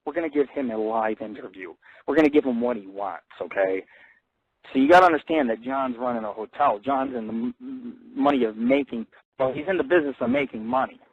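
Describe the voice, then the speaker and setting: A male radio host rambling through a crude, profane live monologue, swearing constantly and jumping up in pitch when he gets excited. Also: brisk, breathy edge, no room sound. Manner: excitable, jumps high in pitch on emphasis. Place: hotel in a big city. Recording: tinny phone-line audio, dry.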